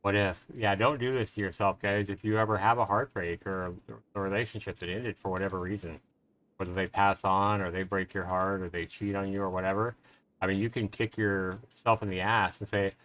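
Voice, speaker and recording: A man's voice: deep voice, fairly even intonation, fairly quick, fairly bright tone. A male streamer commenting on a game live, speaking in an earnest, emotional way and giving reflective advice to his viewers.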